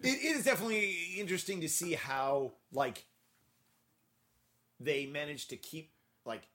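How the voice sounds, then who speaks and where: A man's voice: fairly high pitch, sing-song, normal speed, fairly bright tone. A man in casual movie chat, agreeing eagerly and jumping in often.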